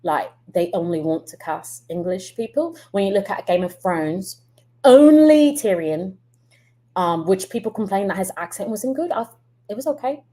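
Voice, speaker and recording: American woman, mid-pitched voice, casual profane reaction rant, blunt and quick to laugh. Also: expressive, a little mellow. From United States. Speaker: reaction streamer. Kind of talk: casual ranting reaction chat.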